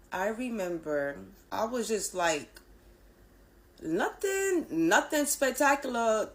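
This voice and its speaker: A woman's voice: mid-range voice, low-quality recording. A woman telling a personal story straight to camera, candid and emphatic, with frequent rhetorical questions.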